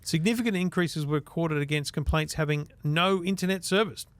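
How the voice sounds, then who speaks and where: Wry male co-host, conversational number-reader, fairly high, dry close sound. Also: a little fast, no room sound. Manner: wry, reads out figures conversationally. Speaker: podcast co-host. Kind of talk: casual tech chat.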